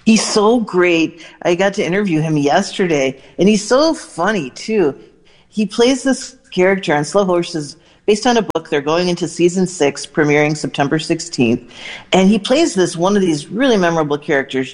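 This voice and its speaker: A woman reporting entertainment news, telling lively, animated anecdotes and quoting people along the way. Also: lowish voice, moderate pace. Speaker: entertainment correspondent. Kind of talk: news segment storytelling.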